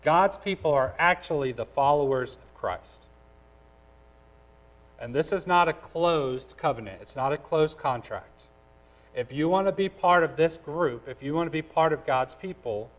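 A man's voice: a little high, animated, a little slow, low-quality recording. A pastor delivers a sermon in a slightly raised male voice. He speaks directly and earnestly, driving points home with repeated phrases. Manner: acts out voices in a told story.

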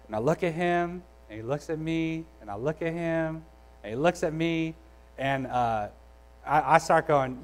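A man's voice: a little high, unhurried, low-quality recording. A young adult man preaching a sermon in a conversational, storytelling way, with frequent restarts. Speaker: pastor.

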